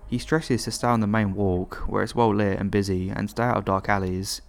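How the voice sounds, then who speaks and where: Male horror narrator, lower pitch, even measured read. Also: vocal fry, a little hiss or hum. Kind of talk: scripted horror story narration.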